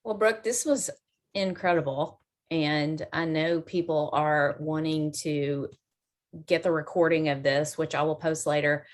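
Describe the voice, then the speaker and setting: A woman host closes the session in an earnest, thankful tone. Her voice is notably low. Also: steady tone, measured pace. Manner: grateful and earnest. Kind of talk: closing remarks.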